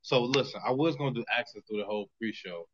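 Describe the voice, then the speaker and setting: A man hosting a podcast in casual, joking chat, laid-back and quick to laugh. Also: mid-range voice, background noise. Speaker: podcast host. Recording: lo-fi audio.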